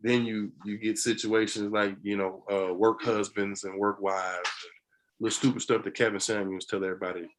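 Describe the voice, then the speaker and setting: Animated, laughing man telling stories. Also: on the low side, moderate pace, rough recording. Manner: animated storyteller who laughs often and acts out quotes. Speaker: podcast guest, barber. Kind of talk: casual podcast conversation.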